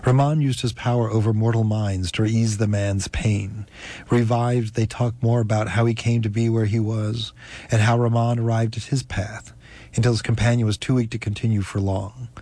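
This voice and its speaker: A man narrates an audiobook in a steady, even way. His voice sits on the low side with a gravelly, husky grain. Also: normal speed, no echo.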